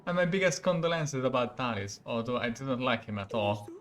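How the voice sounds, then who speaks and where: A Hungarian-accented man voicing a scheming male noble lord who is offering a marriage deal, reading deliberately. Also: mid-range voice, lively intonation, a bit bright, natural voice. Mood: persuasive.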